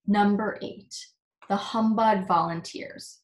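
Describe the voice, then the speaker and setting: A woman reading a children's book aloud for camp story time, with lively expression. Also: mid-range voice, a little slow. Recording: echoey room.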